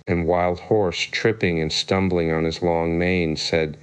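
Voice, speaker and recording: A man narrating a classic children's story aloud at an even, unhurried pace. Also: low voice, clear, resonant tone. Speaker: audiobook narrator.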